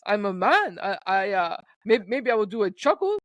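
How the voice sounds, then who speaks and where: A fussy, indignant man with a thick foreign accent, put on by a podcast host, his voice jumping high with outrage. He draws out his words slowly and emphatically. The sound is dry and close. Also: lively intonation, no room sound. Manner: indignant, high-pitched, slow emphatic delivery.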